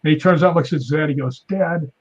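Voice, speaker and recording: On a podcast, a guest who works as a stuntman and paranormal investigator tells stories casually at a very fast clip, and the audio sounds dull. He's an animated narrator who raises his pitch to act out the voices he quotes.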